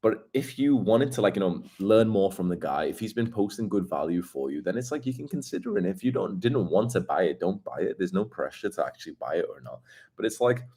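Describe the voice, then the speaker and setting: A young man hosting a live stream, talking in a blunt, profane, rapid casual rant. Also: low-pitched, lively intonation, warm tone, breathy edge. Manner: blunt and profane, with fast asides. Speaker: livestream host.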